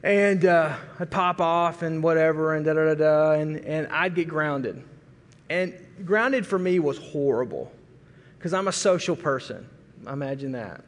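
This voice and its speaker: A middle-aged man from Arkansas preaching a sermon, telling a folksy, animated story and acting out family voices. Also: fairly high pitch, unhurried. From Arkansas, USA. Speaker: pastor. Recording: long reverb of a large hall.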